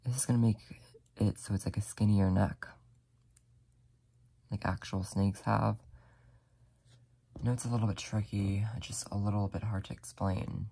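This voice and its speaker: Soft, gravelly, low-voiced tutorial host. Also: fairly even intonation, normal speed, long pauses. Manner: soft-spoken, apologetic, talks while working with frequent "like" fillers. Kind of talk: casual step-by-step tutorial narration.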